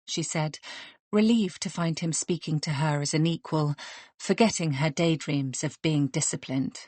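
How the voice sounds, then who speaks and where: A woman narrating an audiobook in a steady, even reading voice. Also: low voice, moderate pace, no room sound.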